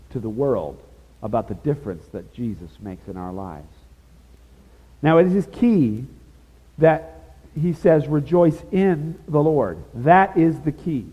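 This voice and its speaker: Husky male preacher in a reverberant space. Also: mid-range voice, animated, measured pace. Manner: conversational, emphatic preaching with asides. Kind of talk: sermon. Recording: dull lo-fi sound with long reverb.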